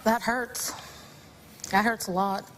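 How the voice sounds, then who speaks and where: A young woman, a talk show guest, speaking haltingly and remorsefully with many restarts. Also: medium pitch, fairly even intonation, fairly bright tone, slight background noise, poor audio.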